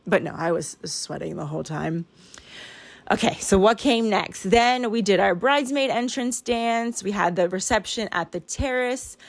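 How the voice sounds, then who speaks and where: A woman's voice: medium pitch, moderate pace, gravelly. A young woman chatting casually over her planner pages, rambling and laughing often with a wheeze. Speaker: planner vlogger.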